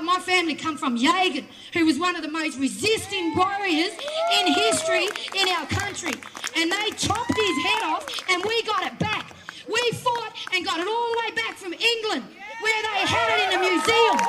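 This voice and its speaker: An Australian woman from Western Australia giving an impassioned, confrontational protest speech at an outdoor rally. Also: extremely high pitch. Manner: forceful, confrontational, repetitive emphasis. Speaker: rally speaker. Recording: crowd noise around a rally. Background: crowd.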